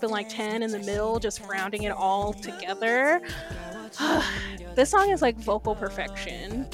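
A woman co-hosting a casual fan chat, talking with enthusiasm. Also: fairly high pitch. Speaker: podcast co-host.

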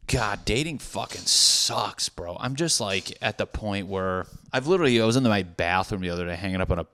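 Thirties male podcast host, slightly low voice, casual and profane, self-deprecating rambler. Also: a bit bright. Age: 30s.

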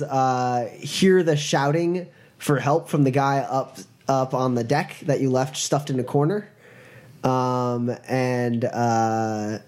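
Man running a tabletop game. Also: medium pitch. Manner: relaxed, chuckling, many fillers. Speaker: game master.

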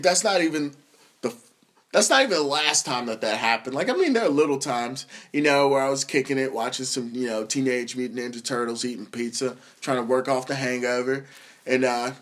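A young man hosting a podcast, telling comedic stories in a profane, animated way and laughing as he goes. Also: mid-range voice, moderate pace. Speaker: podcast host. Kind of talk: comedic storytelling monologue.

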